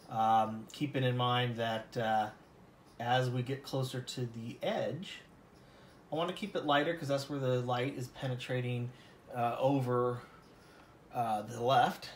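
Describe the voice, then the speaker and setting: A man's voice: medium pitch, echoey room, slight background noise. A man from Colorado giving a casual oil painting lesson, rambling and self-deprecating, with many fillers. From Colorado, USA.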